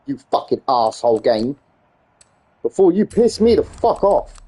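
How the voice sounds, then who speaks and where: A man streaming a video game, his voice high and swinging wildly up and down. He rants in exasperation and swears constantly at the game. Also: sing-song, slow pace, pauses often, a little mellow, husky. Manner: exasperated ranting, heavy swearing. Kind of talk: livestream gaming commentary.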